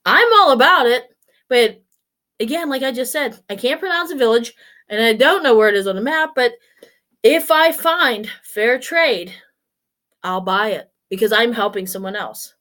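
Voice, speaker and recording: A woman's voice: a little high, normal speed, sharp tone. A woman in her forties talking casually to camera, blunt and swearing freely as she tells stories. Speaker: vlogger.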